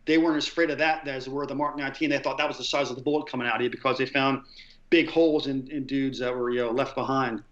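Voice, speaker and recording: A man's voice: medium pitch, fairly even intonation, quick pace, a bit bright, echoey room, highs cut off. A middle-aged man, a retired Marine, telling war stories in a rambling way with lots of fillers and quoted dialogue. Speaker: guest, retired Marine gunner. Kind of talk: conversational storytelling.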